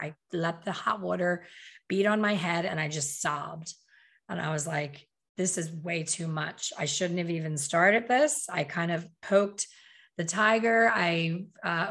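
A woman's voice: lowish voice, fairly bright tone. A middle-aged woman telling her personal story in a candid, conversational way, acting out her own past thoughts.

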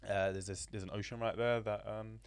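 A young man co-hosting a casual podcast, talking in a laid-back way that drifts quieter. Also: on the low side, level tone, brisk, smooth, dry recording. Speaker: podcast co-host.

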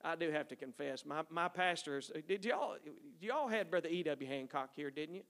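A man's voice: a little high, animated, normal speed, a bit bright. A middle-aged man, a missionary telling folksy stories to a church audience. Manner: folksy, storytelling, addresses audience as y'all.

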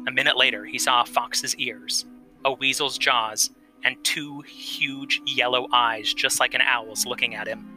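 A man hosting a storytelling show, reading a folk tale aloud and chatting with listeners in a measured, dramatic way. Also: medium pitch, bright, forceful tone, low-quality recording. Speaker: storytelling podcast host.

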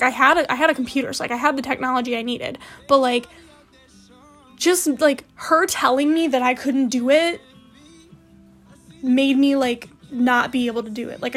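A woman's voice: high voice, a bit bright. A young woman telling a personal story to her viewers in a rambling, candid way, full of fillers and restarts. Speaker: vlogger.

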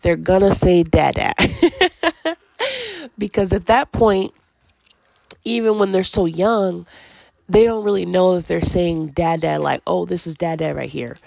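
A woman's voice: lowish voice, measured pace, vocal fry, pauses often, darkish tone, no echo. A woman hosting a casual parenting podcast, chatting loosely with many fillers and laughs while at home with her toddler. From Washington. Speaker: podcast host.

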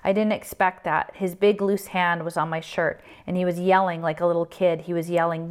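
A woman reading a novel aloud, with steady, subdued first-person narration. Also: on the low side, brisk, few pauses, clear, resonant tone. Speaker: reader.

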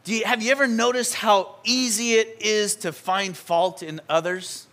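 Animated, conversational male preacher. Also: sits high, normal speed. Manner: animated, conversational, acts out scenes. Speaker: pastor. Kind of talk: sermon. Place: church sanctuary.

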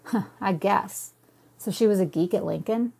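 A woman voicing a young man who talks in casual slang and flares up quickly. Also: medium pitch, creaky, mellow, husky. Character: laid-back young man who turns hot-tempered.

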